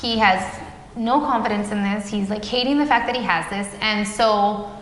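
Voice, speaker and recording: A woman's voice: medium pitch, moderate pace, a bit bright. A woman guest in a casual interview, telling her story with animation and acting out the dialogue she quotes. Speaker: guest, parent of a child with epilepsy. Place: café. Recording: echoey, reverberant café room with faint background noise.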